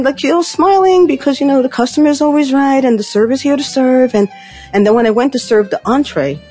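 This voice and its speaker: A woman in her late fifties telling a personal story on stage, chatty and animated, full of "like" and "you know". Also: mid-range voice. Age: 50s.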